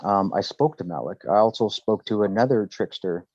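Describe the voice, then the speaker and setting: Deep-voiced man, halting and emotional. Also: lo-fi sound, noisy background. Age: 40s. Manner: halting, emotional, many restarts and stammers. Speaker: healing session client. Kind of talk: emotional personal account.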